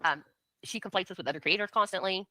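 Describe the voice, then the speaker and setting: A woman's voice: medium pitch, fast talker, pushed and bright, no room sound. A woman in a livestream talk, blunt and combative, pressing her points hard. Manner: blunt, combative, repeated challenges. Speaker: livestream co-host. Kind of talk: heated casual commentary.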